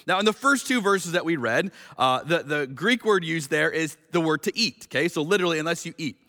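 A male pastor preaching a sermon in a conversational, animated way, reading scripture slowly and with emphasis. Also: on the high side, in a large hall.

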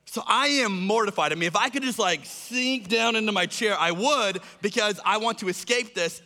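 Bright-voiced man telling a story. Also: high voice. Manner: animated, acts out other people's lines in raised voices. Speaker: speaker telling a personal story. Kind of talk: storytelling talk. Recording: long hall reverb.

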